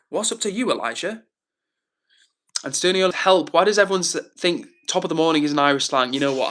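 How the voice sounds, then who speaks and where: A man's voice: on the high side, bright, forceful tone. A man hosting a livestream, chatting casually and reading out viewers' comments in an upbeat, encouraging way. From England. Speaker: livestream host.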